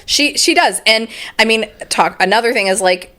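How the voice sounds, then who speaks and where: A woman co-hosting a podcast, talking about a book, agreeable and quick to laugh, with dry asides. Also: a little high, animated, bright, forceful tone. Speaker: podcast co-host. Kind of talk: casual book discussion.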